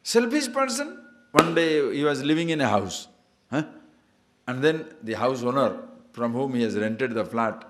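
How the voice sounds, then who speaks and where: A man teaches scripture in a talk full of everyday stories. He keeps pausing to ask his listeners to see and understand, and laughs at his own examples. His voice sits at an ordinary middle pitch. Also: big pitch swings, a little hiss or hum. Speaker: spiritual teacher. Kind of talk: spiritual discourse on scripture.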